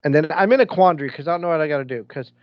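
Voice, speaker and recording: Racing along in a high-ish voice, a man co-hosts a podcast, chatting loosely and circling through stories with frequent restarts. There's no echo, but the sound is dull and lo-fi.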